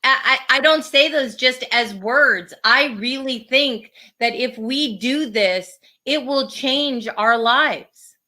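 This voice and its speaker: A woman co-hosting a podcast in casual conversation. Her voice sits a little high and comes across bright and forceful. She talks in an earnest, reflective way, often starting her sentences over. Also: takes it slowly. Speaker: podcast co-host.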